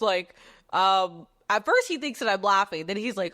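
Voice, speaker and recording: Young podcast host, expressive storyteller who swears freely, recorded dry and close. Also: female voice, medium pitch, fairly quick, dry recording. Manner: animated, dramatic, swears freely, acts out quotes. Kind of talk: casual storytelling monologue.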